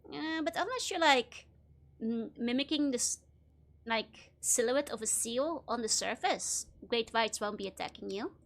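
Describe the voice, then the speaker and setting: A woman's voice: on the high side, animated, unhurried, fairly bright tone. Giggly, chatty woman streamer. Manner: chatty, giggles often, rambles about trivia. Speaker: streamer playing a game. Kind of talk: casual live-stream commentary.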